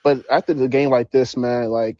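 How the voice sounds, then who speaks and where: A man's voice: medium pitch, fairly even intonation, moderate pace, darkish tone, dry recording, dull audio. A man calling in to a live podcast, making his points casually and persuasively. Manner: persuasive, keeps saying "listen". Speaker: caller. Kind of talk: casual call-in chat. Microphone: live audio app.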